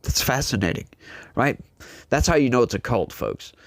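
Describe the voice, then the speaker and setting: A man's voice: mid-range voice, big pitch swings, moderate pace, dry recording. A man hosting a political commentary show, delivering an opinionated monologue straight to his audience in an emphatic, preachy way.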